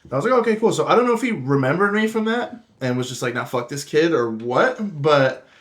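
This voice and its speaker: A man's voice: on the high side, animated, brisk. A young man co-hosting a casual podcast, telling stories loosely with plenty of fillers. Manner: loose, filler-heavy storytelling, easy laughter. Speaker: podcast co-host.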